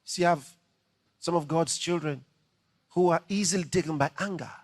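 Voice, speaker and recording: A man preaching a dramatic, animated sermon. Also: on the high side, moderate pace, no room sound, clean studio sound.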